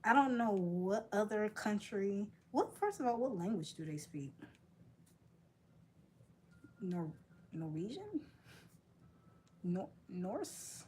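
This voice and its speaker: A woman's voice: mid-range voice, big pitch swings, takes it slowly, long pauses, a little mellow, a little hiss or hum. A woman vlogging in casual chat while she works, playful and joking, laughing often.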